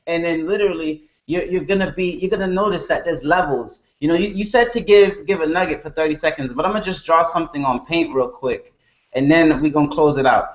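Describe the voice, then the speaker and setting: A man's voice: on the high side, fairly quick, a bit bright, muffled recording. A man speaking as a guest on a video call, giving an emphatic motivational pep talk built on repeated catchphrases.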